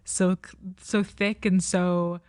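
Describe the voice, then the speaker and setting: A woman's voice: fairly low pitch, flat delivery, slow, darkish tone, no echo. A woman hosting a casual film podcast, her voice close and dry with no room sound. She talks thoughtfully and hedges her opinions with "I think" and "like". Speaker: podcast host. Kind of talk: casual film review chat.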